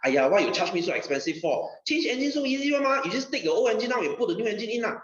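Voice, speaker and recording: Man doing a stingy car owner, high and whiny, dismissive, echoey muffled recording. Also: sing-song, racing, fairly bright tone. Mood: haggling. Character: haggling stingy male car owner, adult, pushy. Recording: dull roomy recording.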